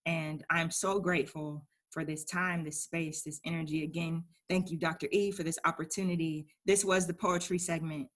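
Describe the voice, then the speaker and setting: A woman's voice: deep voice, steady tone, moderate pace, hardly any pauses, fairly bright tone. A woman hosting an online poetry segment and performing her own spoken-word piece with emphatic, rhythmic delivery. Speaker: poet and event host.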